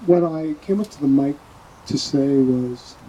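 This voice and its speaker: A man from New York with a New York accent, speaking at a neighbor's funeral, halting and lightly joking. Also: fairly high pitch, mellow, husky, low-quality recording. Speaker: neighbor giving a eulogy.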